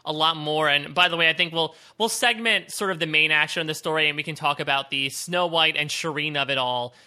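A man's voice: fairly high pitch, brisk. A man co-hosting a TV recap podcast in casual, joking chat. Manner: animated, joking, laughs often. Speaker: podcast co-host.

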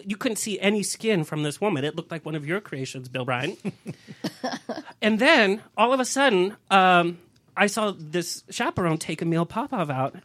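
A man hosting a casual talk show, chatty and animated, telling stories with laughter. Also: high voice, no room sound. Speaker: show host. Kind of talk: casual chat show banter.

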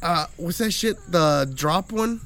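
A man co-hosting a casual drinking chat, telling stories loudly and profanely. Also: sits high, takes it slowly. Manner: loud, profane, animated storytelling. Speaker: podcast co-host.

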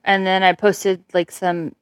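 A woman's voice: medium pitch, flat delivery, unhurried, clear, resonant tone, dry recording, clean studio sound. Brash, laughing woman in crude banter.

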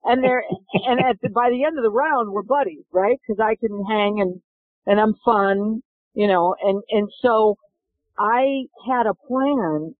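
A middle-aged woman who teaches golf tells stories in an interview, animated and acting out the dialogue. Her voice is a little high and unhurried, with no echo, coming through a dry, tinny, phone-like line.

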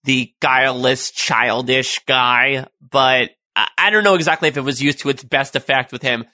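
Bright-voiced man chatting on a podcast. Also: mid-range voice, no room sound. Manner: chatty, jumps in with quick jokes. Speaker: podcast co-host. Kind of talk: casual fan discussion.

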